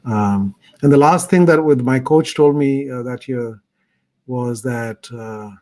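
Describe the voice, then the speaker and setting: A man's voice: medium pitch, slow pace, darkish tone. A middle-aged man, thoughtfully telling a personal story as a guest speaker on a video call. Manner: earnest, thoughtful. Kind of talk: reflective personal storytelling talk.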